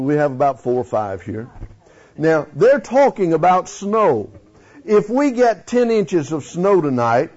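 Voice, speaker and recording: A man preaching a folksy, animated sermon in church, questioning his congregation. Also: high-pitched. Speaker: pastor. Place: church sanctuary. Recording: dull lo-fi sound.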